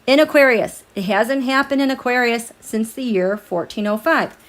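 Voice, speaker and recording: Chatty high-voiced woman hosting a livestream. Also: moderate pace. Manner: chatty, animated, laughs often, reads viewer comments aloud. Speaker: tarot livestream host. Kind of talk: casual livestream chat with viewers. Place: home, at night.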